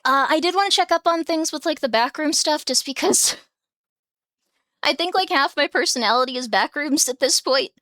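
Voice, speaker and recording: A woman's voice: sits high, moderate pace, sharp tone, dry recording, studio quality. A woman streamer chatting casually from home, rambling with lots of filler words and small laughs. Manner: giggly, breaks into small laughs. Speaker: streamer host. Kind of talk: casual live-stream chat. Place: home room with her cats.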